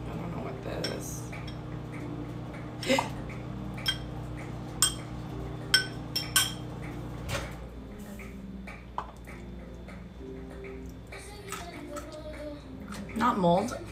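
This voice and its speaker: A woman's voice: high-pitched, big pitch swings, very slow, long pauses. A woman hosting a casual livestream from her kitchen, eating and chatting with viewers in a blunt, profane, laughing way, recorded on a phone. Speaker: livestream host. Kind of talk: casual chat while eating. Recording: echoey room with faint music.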